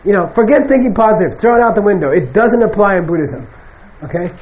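Male Buddhist teacher, higher pitched, loose and animated lecture delivery. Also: fast, husky, lo-fi sound. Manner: conversational, animated, acts out quoted people. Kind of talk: casual spoken dharma lecture.

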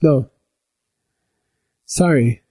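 Slow, husky-voiced man teaching meditation. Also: mid-range voice, dark tone. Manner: keeps checking in with "okay?" and homely examples. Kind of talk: slow explanatory teaching talk.

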